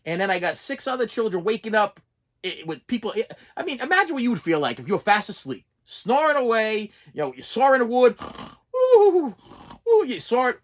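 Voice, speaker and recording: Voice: mid-range voice, sing-song, fast, a bit bright. A middle-aged preschool teacher telling a story in a casual rant, exasperated, often repeating words and restarting sentences.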